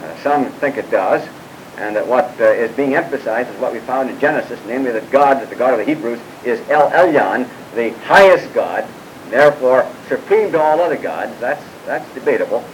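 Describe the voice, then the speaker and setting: Fairly quick and steady at a middling pitch, a male Bible teacher runs a scripture class, putting questions to his students and frequently breaking off with "uh" and "by the way" tangents. Behind him there's a soft rumble and hiss on a poor-quality recording.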